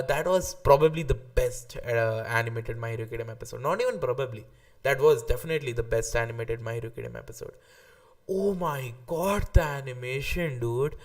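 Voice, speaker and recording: Excitable gravelly man streaming live. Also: a little high, far from the mic. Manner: excitable, swears casually, restarts often. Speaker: streamer ranking anime arcs. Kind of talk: casual live-stream reaction commentary.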